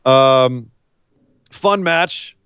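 A man hosting a casual chat about wrestling, animated, with frequent laughs and quick asides. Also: mid-range voice, smooth, dry recording. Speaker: podcast host. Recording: dull lo-fi dry sound.

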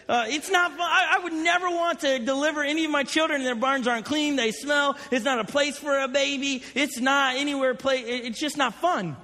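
High, bright male pastor, chatty storyteller, sermon in an echoing auditorium. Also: fairly even intonation, brisk. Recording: long hall reverb.

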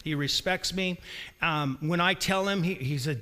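A man preaching a sermon in a church, energetic and calling for responses from the congregation. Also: fairly high pitch, a little slow. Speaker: pastor. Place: church sanctuary. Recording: long reverb of a large hall.

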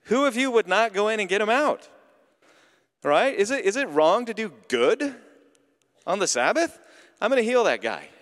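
A man's voice: sits high, very animated, normal speed, long pauses, a bit bright, pitched above the performer's own voice. A man voicing a blunt, exasperated adult male teacher, with casual, incredulous retorts. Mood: challenging. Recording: long hall reverb.

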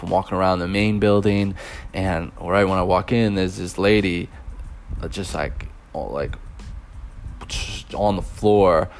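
A man's voice: low voice, a little hiss or hum. A young man who teaches abroad, casually telling a rambling story with lots of fillers and chuckles.

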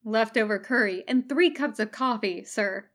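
A woman voicing a deadpan young male ninja. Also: on the high side, normal speed, lightly acted. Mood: dry. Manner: dry, deadpan.

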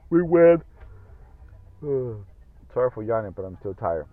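His pitch is medium but swings widely, and he takes his time. This solo podcaster wanders from point to point, cursing freely and using many fillers, all over audio that sounds like a phone line.

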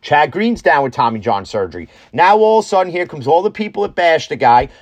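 A man's voice: fairly high pitch, sing-song, fairly quick. A man hosting an opinionated sports talk show, ranting bluntly and swearing freely. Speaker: sports podcast host.

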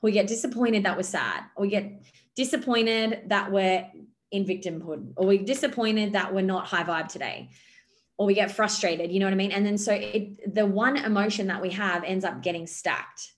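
A woman's voice: mid-range voice, normal speed. A woman coaching on a podcast, talking loosely with many fillers and describing gestures as she goes. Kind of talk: podcast monologue.

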